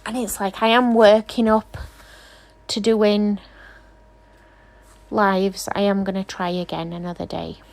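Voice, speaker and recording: A woman's voice: medium pitch, level tone, unhurried, vocal fry, pauses often. A woman nail technician doing a casual, rambling tutorial voice-over, chatty and self-deprecating, often apologizing.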